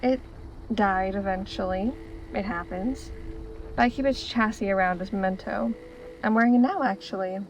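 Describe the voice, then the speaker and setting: A woman's voice: mid-range voice, moderate pace, slight background noise, lightly acted, low-quality recording. A woman voicing a playful young female tech trader in a video game, who builds robots and talks in a teasing, jokey way. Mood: chatty. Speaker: merchant. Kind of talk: video game character dialogue.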